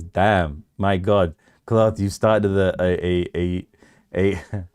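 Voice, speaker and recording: A man's voice: fairly low pitch, a little mellow, no echo, studio quality. A man hosting a casual crypto livestream, bantering with his viewers, laughing often and restarting his sentences.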